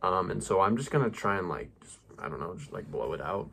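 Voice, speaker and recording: A young man chats through a hands-on hobby vlog in a rambling, self-mocking way, tossing in slang. His voice sits fairly low with a gravelly, husky grain. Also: lively intonation, fairly quick, a bit bright. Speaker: hobby perfumer vlogger. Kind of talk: casual demonstration vlog.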